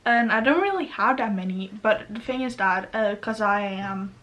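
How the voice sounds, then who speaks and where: A young woman from Norway, with a Norwegian accent, vlogs casually at home near her computer. Her medium-pitched, slightly bright voice is expressive and moves at normal speed as she rambles nervously and often corrects herself.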